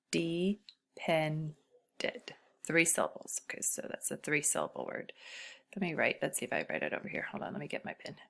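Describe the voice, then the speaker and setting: A woman's voice: low-pitched, vocal fry. Patient teacher woman sounding out words. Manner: patient, talking to students, sounding out syllables slowly; often drops to a quiet murmur while working the screen. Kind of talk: recorded reading lesson for children.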